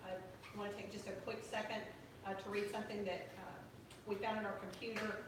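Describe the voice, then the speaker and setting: A middle-aged woman, a Gold Star mother, gives a halting ceremony speech full of fillers and restarts. She is heard from well back, with a strong echo around her. Loud noise from the open air sits behind her voice. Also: medium pitch, little pitch movement. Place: outdoors in the rain. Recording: distant, echoey, noisy outdoor recording.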